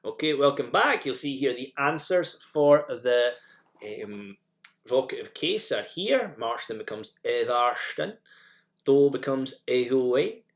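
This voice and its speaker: Lively-voiced man teaching a language lesson. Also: medium pitch, takes it slowly. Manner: explains step by step, models phrases by repeating them. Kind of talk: recorded language lesson narration.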